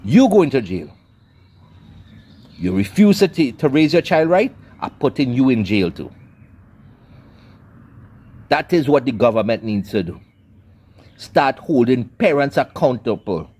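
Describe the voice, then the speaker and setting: A man's voice: medium pitch, darkish tone. A man giving a scolding, preacherly commentary rant. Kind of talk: ranting commentary monologue.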